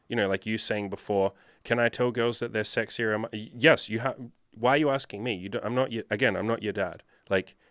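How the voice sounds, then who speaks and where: A man's voice: lowish voice, fairly bright tone, dry recording, clean studio sound. A man working as a dating coach, answering viewer questions in a blunt, profane, lecturing monologue.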